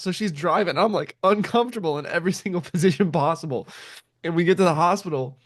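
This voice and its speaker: A young man telling a story in casual chat, animated, swearing and laughing often as he acts out what people said. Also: sits high, fast talker.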